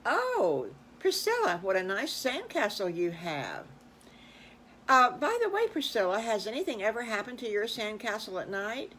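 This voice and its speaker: A kindly old farmer chats in a friendly, folksy manner, voiced by an older woman telling a story. His lines roll along easily with a lively rise and fall. It is a gentle storybook grown-up. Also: fairly high pitch, moderate pace, slight background noise, pitched above the performer's own voice.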